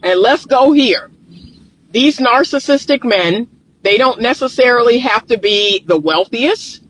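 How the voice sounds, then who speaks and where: Sounding groggy in the morning sun, a male relationship therapist delivers casual vlog commentary into a nearby held or propped phone, emphatic and repeating himself as he addresses viewers. His voice is extremely high, animated and a bit bright, at a measured pace, in a rough recording.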